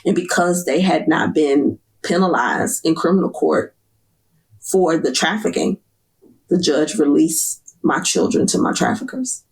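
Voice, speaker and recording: A woman guest giving an earnest, emotional personal testimony, pausing often with fillers. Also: low-pitched, animated, darkish tone, husky.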